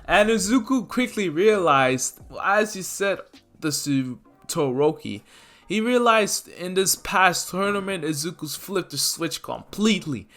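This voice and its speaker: A man telling a fan-made story in a casual, rambling way. His voice is bright, and he leans on fillers and corrects himself mid-sentence. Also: high voice, lively intonation, unhurried. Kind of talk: casual fan-fiction narration.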